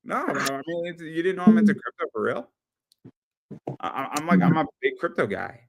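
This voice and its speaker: A man's voice: on the high side, fairly quick, vocal fry. Rambling, stammering male podcast host. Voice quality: rambling, animated storyteller with frequent stammered repeats. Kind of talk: casual chat.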